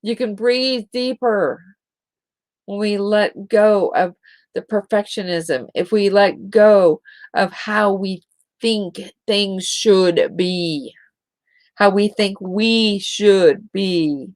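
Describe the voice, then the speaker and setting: A middle-aged woman hosting a spiritual talk show, speaking in a slow, gentle and encouraging way to her listeners. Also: medium pitch, no room sound. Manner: gentle, encouraging, drawn-out delivery with soft giggles.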